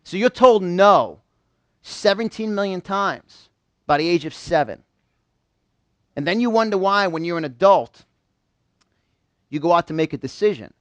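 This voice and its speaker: A man's voice: fairly high pitch, no room sound. A man from New York giving a live motivational seminar, quizzing a small audience in call-and-response. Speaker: motivational speaker.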